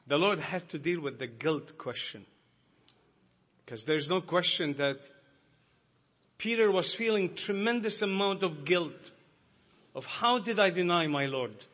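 A man's voice: high voice, pushed and bright. A man preaching a sermon to a congregation, earnest and growing emphatic.

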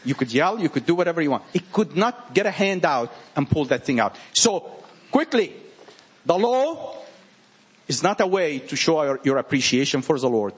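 Husky, animated preacher with a French accent. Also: male voice, on the high side, moderate pace. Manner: animated, repetitive and emphatic. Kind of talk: informal sermon to a small group.

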